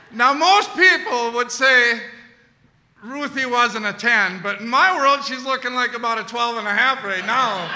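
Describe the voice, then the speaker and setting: A man telling a comic personal story on stage, acting out his own panicked shouts. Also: high voice, slight background noise. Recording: echoey hall.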